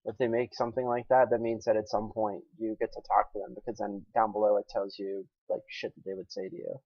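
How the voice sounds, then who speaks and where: A man's voice: fairly low pitch, level tone, quick pace, no room sound. Crude, teasing man on lo-fi voice chat. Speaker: friend on voice chat. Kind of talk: casual banter.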